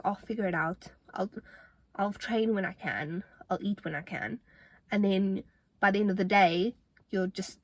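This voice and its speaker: A woman's voice: fairly low pitch, no room sound. A young woman talking to camera in a casual fitness vlog, earnest and motivational, chatty with fillers, a little out of breath. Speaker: fitness vlogger.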